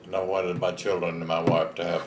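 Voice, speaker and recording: A man's voice: sits low, level tone, brisk, roomy sound, noisy background. A man, telling his own story in a plain-spoken, folksy way in an oral history interview. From Texas. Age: 70s. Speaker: veteran interviewee.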